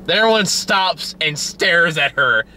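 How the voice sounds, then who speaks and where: A man's voice: on the high side, lively intonation, measured pace, sharp tone, slight background noise. A young man co-hosting a casual movie review chat, swearing freely and mimicking characters in silly voices. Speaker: podcast co-host.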